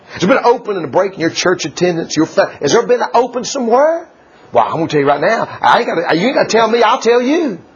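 A preacher man with a husky, breathy voice that rises fairly high and leaps around in pitch, laughing through his points. He swings between shouted declarations and quiet asides. The sermon comes through a dull, lo-fi church recording. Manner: animated, laughing, swings from loud to hushed. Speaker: pastor. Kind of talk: folksy sermon.

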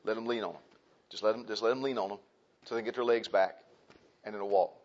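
A Baptist pastor preaching a sermon in a church, repeating phrases and asking the congregation questions. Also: male voice, fairly low pitch, fairly even intonation, fast talker, a little mellow. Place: church sanctuary. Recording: dull lo-fi church recording.

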